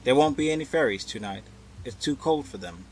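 A man's voice: medium pitch, animated, brisk, darkish tone, slight background noise, pitched above the performer's own voice, natural voice, low-quality recording. A man voicing a grave, mocking grown wanderer in a storybook reading, with a dry, sardonic delivery.

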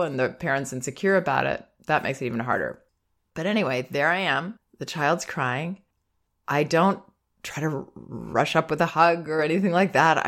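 Hosting a parenting advice podcast, a woman delivers a monologue in a calm, gentle, reflective manner, with the occasional soft laugh. Her voice sits low.

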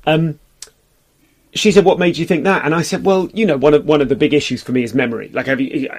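A man's voice: a little high, fast talker. A man in his forties, a comedian on a podcast, chatting casually in a rambling, self-deprecating way and briefly acting out the voices of people he quotes.

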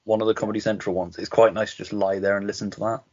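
A man's voice: on the low side, little pitch movement, racing, muffled recording, a crowd in the background. A man co-hosting a podcast over a video call, chatting candidly, swearing and laughing through his stories. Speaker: podcast co-host.

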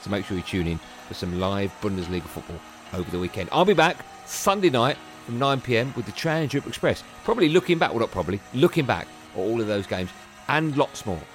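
A man's voice: lowish voice, brisk. Give me a jokey man hosting sports radio, with faint music under him. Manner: jokey, chatty. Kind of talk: casual radio chat.

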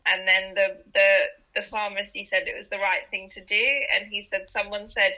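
Bright chatty young woman. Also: mid-range voice, moderate pace, few pauses, low-quality recording. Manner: chatty storyteller, quotes others in lively voices. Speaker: co-host. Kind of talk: casual video call chat. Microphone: video call.

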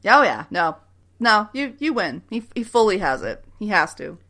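Animated woman recapping a TV show. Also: mid-range voice, normal speed. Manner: animated retelling with acted quotes and laughs; frequent swearing. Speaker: podcast co-host. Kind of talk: casual TV recap chat.

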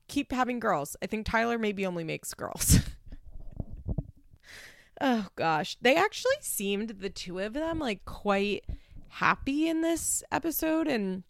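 A woman in a casual opinion chat, speaking with a noticeable vocal fry. She talks frankly, full of "like" and restarts. The recording is close and dry. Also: medium pitch, no room sound. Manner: chatty, lots of "like" and restarts, frank swearing. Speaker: reality TV commentator.

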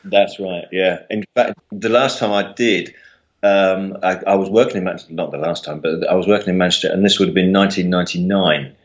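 Laughing Mockney-accented man, low voice. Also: steady tone, brisk, highs cut off. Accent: southern English, Mockney. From England. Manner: self-deprecating, laughs often, repeats words. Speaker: guest comedian. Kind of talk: casual interview chat.

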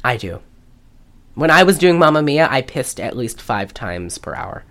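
A young woman co-hosting a podcast casually recaps a movie, acting out the characters' lines in exaggerated voices. Her voice is bass and sing-song, at a moderate pace.

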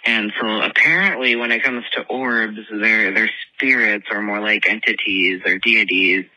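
A man telling a long story in a casual, rambling way, filling almost every pause with filler words, as a recorded message from a listener. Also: fairly low pitch, sharp tone, dry recording, rough recording.

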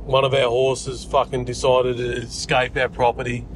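An Australian man tells a rambling story in a voice message, swearing nearly every breath. Faint traffic noise sits behind his ordinary mid-pitched voice. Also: little pitch movement, moderate pace. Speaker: caller sending a voice message.

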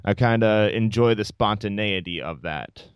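A man's voice: fairly low pitch, normal speed, clean tone, no room sound. A man hosting a podcast, talking in an upbeat, chatty and jokey way on a close microphone. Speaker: podcast host. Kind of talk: casual podcast interview.

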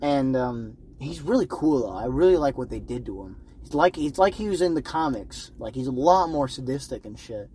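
A man co-hosting a casual film review podcast, excitable and loose, swearing casually and laughing often. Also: medium pitch, moderate pace, a little hiss or hum. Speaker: podcast co-host.

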